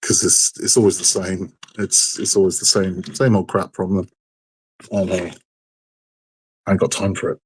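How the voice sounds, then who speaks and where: A man hosts a live stream while building a model kit, chatting casually and frankly, rambling and repeating himself because he's tired and under the weather. His low voice stays level at a normal speed, broken by long pauses. There's slight background noise.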